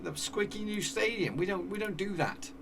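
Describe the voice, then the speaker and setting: Guy commentating his football sim, gets hyped, bit high, gravelly. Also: moderate pace, far from the mic, slight background noise. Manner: excitable, cheers at goals, talks to his players. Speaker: gaming YouTuber. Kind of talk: live commentary over a football management game.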